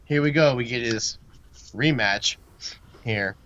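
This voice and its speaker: Brief: man, easygoing podcast co-host, mid pitch, muffled lo-fi audio. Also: takes it slowly, fairly bright tone, no room sound. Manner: laid-back, laughs easily. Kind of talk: casual podcast chat. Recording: dull lo-fi sound.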